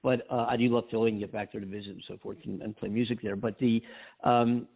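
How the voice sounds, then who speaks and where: Gravelly male host, halting delivery. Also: fairly low pitch, flat delivery. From Philadelphia. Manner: halting, repeats words, "uh" fillers. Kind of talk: talk show hosting. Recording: phone-like audio.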